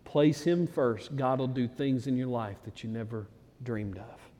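A man preaching a sermon, talking plainly to his flock, then building to loud, excited peaks. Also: mid-range voice, measured pace, long reverb tail. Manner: conversational preaching that swells to loud, excited climaxes. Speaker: pastor.

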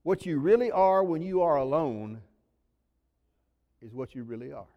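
A high-voiced man preaching a sermon with wide, lively swings of pitch. He acts out quoted voices and moves between loud bursts and near-hushed lines. His voice rings with the long reverb of a large hall. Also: moderate pace, lo-fi sound.

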